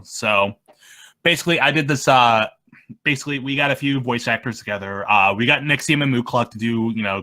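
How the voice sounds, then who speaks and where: Bright-voiced rambling young man. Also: medium pitch. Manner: rambling and halting, trailing off mid-sentence. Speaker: machinima creator, interview guest. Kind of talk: casual interview chat.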